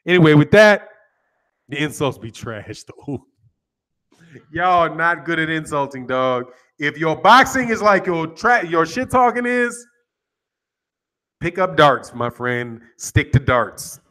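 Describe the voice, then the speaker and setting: Laid-back male host with a higher-pitched voice, casual joking chat with viewers. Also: sing-song, slow, pauses often, pushed and bright. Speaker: boxing channel host.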